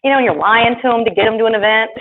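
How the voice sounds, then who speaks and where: A woman presenting to a live audience in a chatty, animated way. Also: a little high, racing. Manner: chatty and animated, acts out quoted voices. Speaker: product presenter. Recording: tinny phone-like live stream, faint noise.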